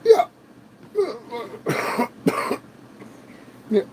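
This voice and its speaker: A man's voice: extremely high pitch, very animated, drawn-out words, noisy background. A man hosting a livestream in casual, rambling chat, swearing freely and laughing often. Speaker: livestream host. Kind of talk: casual live-stream chat.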